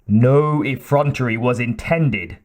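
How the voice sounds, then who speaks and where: A man voicing a sinister male cult priest who speaks softly and without expression. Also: mid-range voice, slow, lightly acted. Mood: cold. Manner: soft, toneless, expressionless.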